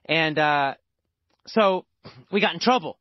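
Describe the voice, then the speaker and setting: A man's voice: a little high, slow, no room sound. An American man teaching a language lesson through a personal story, emphatic and repeating words for stress. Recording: dull lo-fi dry recording.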